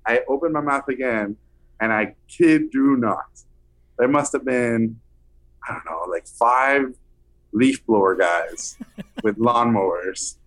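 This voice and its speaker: A man recounting an anecdote as an interview guest, lively and animated, acting out the people he quotes. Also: medium pitch, slow pace. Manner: animated, acts out quoted voices. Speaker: film director guest. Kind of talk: anecdotal storytelling.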